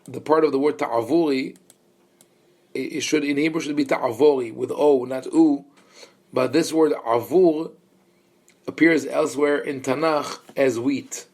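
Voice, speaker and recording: A man's voice: mid-range voice, a little slow, darkish tone. Man teaching a Bible class. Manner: thoughtful, explanatory, many fillers and restarts; engages listeners with questions. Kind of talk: Bible study lecture.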